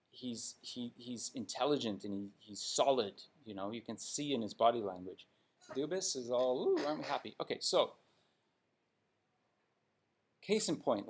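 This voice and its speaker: A man's voice: lowish voice, a little mellow. A man giving blunt, sarcastic hockey commentary in an opinionated vlog rant.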